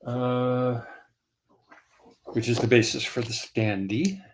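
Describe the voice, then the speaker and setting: An older man talks in an unhurried, easy drawl, his voice rough with gravel at the edges. He rambles casually to viewers of a livestream, stopping to spell names aloud while he signs fan items. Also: medium pitch, level tone, slight background noise. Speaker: comic creator signing fan items.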